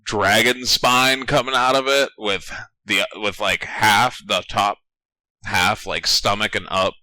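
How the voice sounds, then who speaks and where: Man, low-pitched but very bright tone, animated casual podcast chat. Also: takes it slowly, no room sound. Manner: animated storytelling, swearing, laughing. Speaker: podcast co-host.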